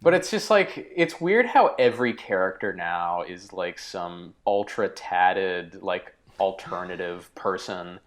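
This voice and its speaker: Male co-host, lowish voice, casual profane film chat. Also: expressive, a little slow, few pauses. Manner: loose, profane, filler-heavy. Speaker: podcast co-host. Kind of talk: casual movie review chat.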